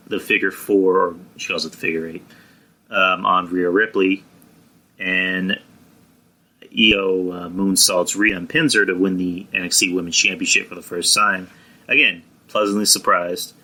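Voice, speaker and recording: Bright-toned, rambling young man. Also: low-pitched, low-quality recording. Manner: rambling, blunt, profane, many restarts and fillers. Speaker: podcast host. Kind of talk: casual wrestling review.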